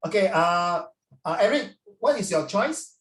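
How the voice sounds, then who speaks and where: A man's voice: sits high, animated, measured pace, fairly bright tone. A middle-aged man, teaching an online class in a playful, teasing way. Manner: playful, teasing, peppers questions with "ah". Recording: roomy sound, distant mic.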